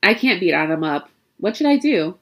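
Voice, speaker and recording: A woman voicing an upset, stubborn young girl in a read-aloud story, with a higher, pleading tone. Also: sing-song, normal speed, a bit bright, heavily acted. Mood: plaintive.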